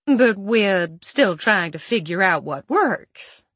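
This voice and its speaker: Brief: woman doing a worried, earnest woman researcher, slow breathy storybook read. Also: mid-range voice, lively intonation, fairly bright tone, no echo, exaggerated voice. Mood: apologetic. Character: anxious woman scientist, apologetic.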